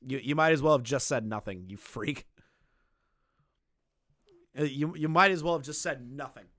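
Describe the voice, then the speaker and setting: A man's voice: medium pitch, moderate pace, fairly bright tone, no room sound, clean studio sound. A young man streaming live, ranting bluntly with lots of swearing and repeated phrases.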